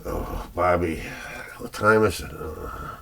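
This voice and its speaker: A man's voice: low-pitched, slow pace, creaky, bright, forceful tone. An older man casually rambling through his record collection, chuckling and searching aloud for names he can't recall.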